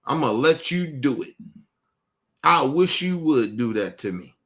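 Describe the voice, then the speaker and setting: A man's voice: mid-range voice, expressive, measured pace, fairly bright tone. A man from Baltimore hosting an online show, ranting bluntly and emphatically with heavy cursing, repeating himself and urging his viewers directly. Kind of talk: profane commentary rant.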